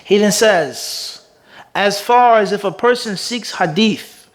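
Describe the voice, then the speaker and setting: A man, a mufti, giving a religious lecture on hadith, quizzing his class with rhetorical questions and reading passages aloud in rapid Arabic. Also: sits high. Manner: call-and-response teaching with rhetorical questions the class answers.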